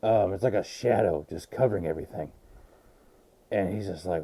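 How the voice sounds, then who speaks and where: A man vlogging a casual, rambling and excitable recap of an anime episode, with a gravelly voice. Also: low-pitched, normal speed.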